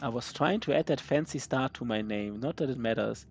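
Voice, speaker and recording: A man's voice: medium pitch, fairly quick, creaky, a little mellow, slight background noise. A man streaming a strategy game live, answering his chat in a loose, rambling way with many fillers and restarts. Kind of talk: casual live-stream chat while gaming.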